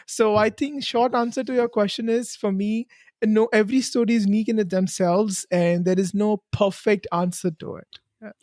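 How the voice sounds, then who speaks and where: A woman's voice: mid-range voice, steady tone, normal speed, a little mellow, no echo, studio quality. Earnest woman with an Indian accent. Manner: earnest, encouraging, conversational. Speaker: podcast host answering as guest. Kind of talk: casual podcast interview.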